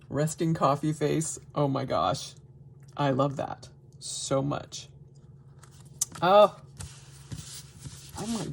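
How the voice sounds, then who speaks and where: A woman vlogger unboxing mail in a casual chat, gushing and excitable with frequent gasps and exclamations. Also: sits low, drawn-out words, vocal fry, pauses often, husky. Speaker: crafting vlogger.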